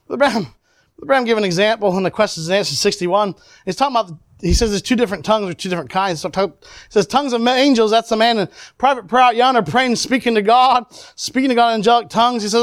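Male preacher, high pitch, dry close sound, animated sermon delivery. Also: quick pace, no room sound. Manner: animated preaching with shouts and laughs.

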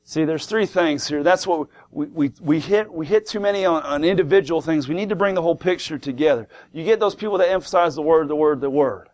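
Emphatic preacher with a raised voice. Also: male voice, on the high side, brisk, few pauses, darkish tone. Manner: emphatic, rhetorical questions, repeats words. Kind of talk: sermon. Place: church before a congregation.

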